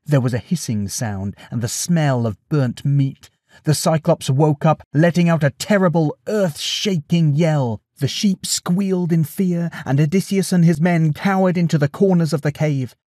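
A man narrating a bedtime story in an expressive, animated way. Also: on the high side, normal speed, no echo, studio quality.

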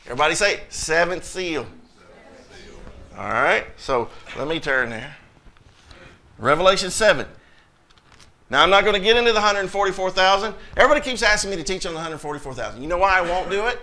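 A man's voice: high-pitched, expressive, brisk, pauses often, pushed and bright. A man pastor preaching a sermon, blunt and emphatic, firing off rhetorical questions and reading scripture aloud.

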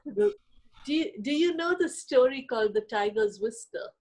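A woman from India, a storyteller, reacting with excitement over a video call. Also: high-pitched, normal speed. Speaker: storyteller guest.

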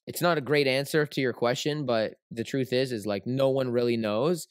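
A man's voice: medium pitch, steady tone, moderate pace, clean tone, no echo, clean studio sound. A man hosting a trading livestream, teaching in a casual, rambling way with lots of fillers and tag questions.

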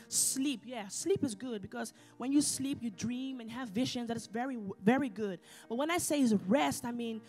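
A woman preaching a sermon as a deaconess at a church service, passionate, shouting her declarations and dropping into Dutch phrases now and then. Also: sits high, lively intonation, normal speed, few pauses, soft background music. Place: church service with live congregation.

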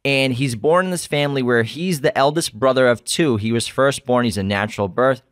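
Excitable man co-hosting a film podcast. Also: mid-range voice, fairly quick, no room sound, studio quality. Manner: excited, rambling, restarts sentences. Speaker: podcast co-host. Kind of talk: casual film discussion.

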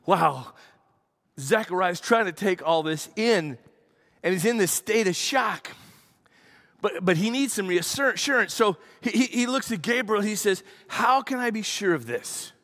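A man, a pastor, preaching a sermon and telling a story with lively acted-out quotes. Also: high voice, measured pace. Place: church.

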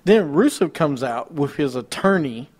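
A man's voice: a little high, lively intonation, moderate pace, a little mellow. A man co-hosting a casual wrestling talk show, rattling off match cards and ranting with mocking disbelief. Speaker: podcast co-host.

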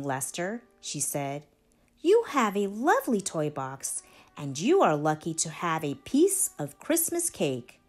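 Slow, lively woman reading a storybook. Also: fairly low pitch. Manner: expressive, slow and lively read-aloud. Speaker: storybook reader. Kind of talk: reading a children's picture book aloud.

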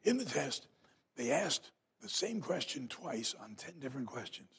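A man preaching a revival sermon in a church, telling folksy stories and rising to loud emphatic peaks. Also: medium pitch, big pitch swings, moderate pace, gravelly, breathy edge. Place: church sanctuary.

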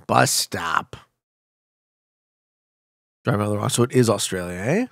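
A man streaming a geography guessing game, chatting to viewers with loud hype bursts and quiet muttering while he thinks. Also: on the low side, a little slow, creaky, dry recording, clean studio sound. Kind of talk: casual gameplay commentary.

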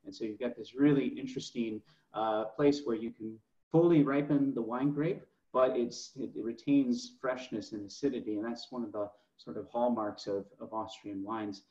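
A man's voice: mid-range voice, steady tone, moderate pace, dark tone, reverberant, muffled recording. A middle-aged man, a master sommelier, presenting slides over a video call, keen and full of fillers and restarts. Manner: enthusiastic, with many fillers and restarts. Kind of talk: presenting slides in a wine tasting webinar.

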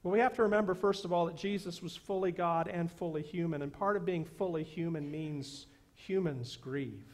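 A man pastor delivering a sermon in a church, earnest and emphatic, repeating key phrases slowly. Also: fairly high pitch. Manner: earnest preaching with slow, emphatic repetitions. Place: church sanctuary.

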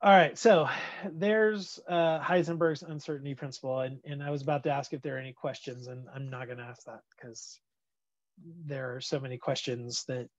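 A man's voice: medium pitch, level tone, moderate pace, no room sound, lo-fi sound. A man teaching a physics class over a video call, chatty and laid-back, with lots of fillers. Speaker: physics instructor. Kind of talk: casual online lecture.

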